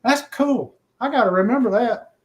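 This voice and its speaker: An easygoing, joking man co-hosts a casual cooking chat in a fairly high voice. He is picked up from a distance, with faint noise in the background. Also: normal speed. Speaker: co-host.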